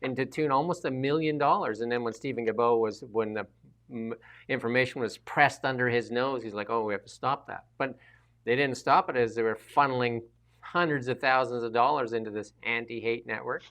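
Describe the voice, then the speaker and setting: A man from Canada jumps into a political chat with indignant remarks. His voice sits at an average pitch. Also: fairly bright tone. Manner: indignant, quick interjections.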